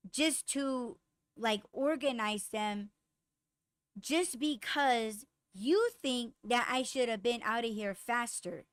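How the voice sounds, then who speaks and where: A young woman rants through a story about a clash at work, swearing freely and acting out both sides of the argument. Her voice sits a little high, and the recording is close and dry with no room sound. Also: slow, clear, resonant tone, dry recording. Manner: profane, animated, lots of fillers and quoted dialogue. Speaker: podcast host. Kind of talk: casual storytelling rant.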